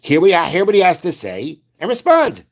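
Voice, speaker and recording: Un hombre da una clase religiosa como rabino y explica los versos con calma, citando textos antiguos y repitiendo frases para aclararlas. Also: male voice, sits high. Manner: explains slowly, repeats phrases, quotes Hebrew verses. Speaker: rabbi. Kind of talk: Torah class.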